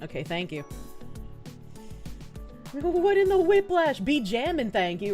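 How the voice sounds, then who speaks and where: A young adult woman live streaming and reading out chat in casual talk, swearing often and swinging between soft mumbling and loud outbursts. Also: fairly high pitch.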